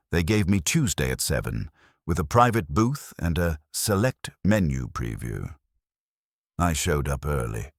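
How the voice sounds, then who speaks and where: A man's voice: rumbling low, no echo. A man narrating a detective audiobook in a wry, dry first-person manner.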